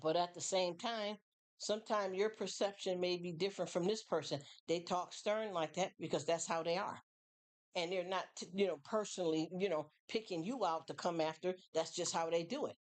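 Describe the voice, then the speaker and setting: A woman with a somewhat low voice chats casually through a live stream monologue. She rambles and circles back, filling gaps with "you know" and restarting her sentences, like she is talking with a friend. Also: normal speed. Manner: chatty, rambling, many fillers and restarts; acts out other people's voices in quotes.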